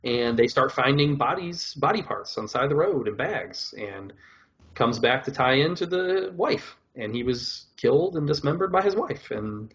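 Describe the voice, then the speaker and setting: A man in a mid-pitched voice co-hosts a podcast and reviews shows in loose, rambling chat. He fills his talk with "like" and "whatever". The audio is a little dull and muffled. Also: animated, moderate pace, fairly bright tone. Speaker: podcast co-host.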